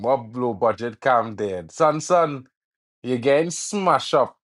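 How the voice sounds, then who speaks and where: A man's voice: medium pitch, expressive, slow pace. Man trash-talking on a live football stream. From Trinidad and Tobago. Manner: teasing, trash-talking rival fans in local slang; yells at the referee over fouls. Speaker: streamer hosting a football watch-along. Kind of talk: live football watch-along commentary.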